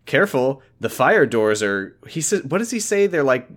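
Male co-host, relaxed recap banter, laughs often, acts out lines. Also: medium pitch. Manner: laughing, acts out characters' lines in quick bursts. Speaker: podcast co-host recapping a show. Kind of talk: casual chat.

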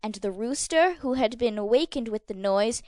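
A woman with a high, smooth and clear voice reads a fairy tale aloud as the narrator. Her delivery is measured and expressive, close to the mic with a dry, studio-like sound. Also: dry recording. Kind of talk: scripted storybook narration.

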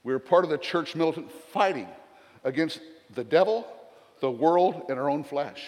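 Older Southern man, retired pastor, folksy sermon with joking asides, fairly high voice, church reverb. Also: moderate pace.

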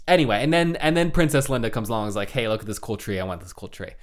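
A man's voice: mid-range voice, animated, very fast. A man casually retelling a folk tale, joking and laughing, with lots of "like". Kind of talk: casual chat.

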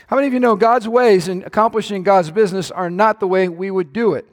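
A man preaching a sermon with passion, climbing to shouts and dropping into playful asides. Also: sits high, fast talker, hardly any pauses, big-room sound. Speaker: pastor.

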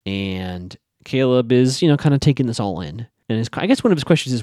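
Chatty man with a lively, swinging voice. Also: mid-range voice, fairly quick, hardly any pauses, dry recording, clean studio sound. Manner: chatty, asides to the audience, frequent fillers. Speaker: show recap host. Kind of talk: casual episode recap.

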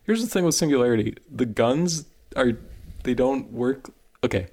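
A man co-hosting a podcast, chatting casually in an animated, rambling way that jumps up in pitch when he gets excited. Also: normal speed, gravelly. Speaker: podcast co-host. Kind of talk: casual chat.

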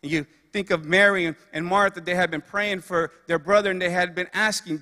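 Bright-voiced male preacher in a reverberant hall. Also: high-pitched, fairly even intonation, fairly quick, hardly any pauses. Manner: earnest storytelling with repeated phrases. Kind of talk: sermon.

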